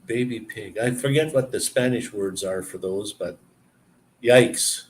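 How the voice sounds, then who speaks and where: A man hosting a live stream, telling a story and answering viewer comments in a relaxed, chatty way. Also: fairly low pitch, measured pace, slight background noise. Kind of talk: casual live-stream chat.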